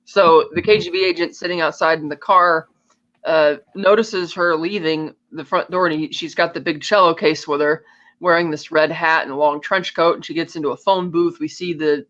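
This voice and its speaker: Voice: medium pitch, steady tone, normal speed, a bit bright. Podcast co-host recapping a film, dull audio. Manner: retells plot scene by scene, acting out characters' lines. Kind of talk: casual film recap chat.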